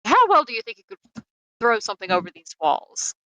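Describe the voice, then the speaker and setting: A woman's voice: a little high, sing-song, fairly quick, bright, forceful tone, no room sound, poor audio. A woman narrating as game master in a casual tabletop role-play session, talking loosely with many fillers.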